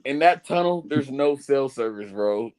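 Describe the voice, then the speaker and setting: A man's voice: medium pitch, lively intonation, unhurried, darkish tone, clear, resonant tone. A man from Seattle, host of the show, telling stories in a casual chat, full of laughter and profane slang.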